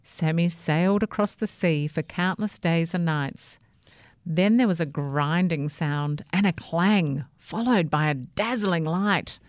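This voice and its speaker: Slow, gentle woman storyteller. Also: on the low side, dry recording, clean studio sound. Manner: gentle, expressive reading. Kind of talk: children's story narration.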